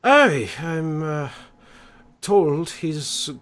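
A man playing a weary, gruff middle-aged gang member who swears casually. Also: fairly high pitch, expressive, extremely slow, fairly bright tone, pitched above the performer's own voice, full character voice.

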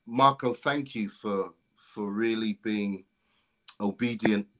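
Low-voiced man speaking haltingly. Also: fairly bright tone. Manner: halting, with many fillers and repeated words. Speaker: guest. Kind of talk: casual conversation on a stream.

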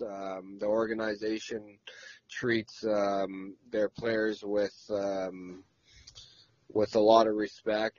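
A man's voice: on the low side, dry recording. A man with a stuffy, nasal voice from a cold, giving easygoing, rambling answers as an interview guest over the phone. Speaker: interview guest, former pro athlete. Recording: dull, dry phone call.

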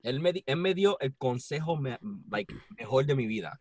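Husky, lively Puerto Rican man. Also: medium pitch, fast talker, no room sound. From Puerto Rico. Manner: profane, animated storyteller. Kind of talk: casual podcast chat.

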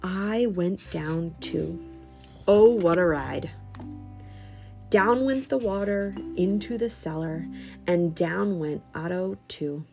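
A woman reading a children's story aloud in a slow, expressive, sing-song way. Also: mid-range voice.

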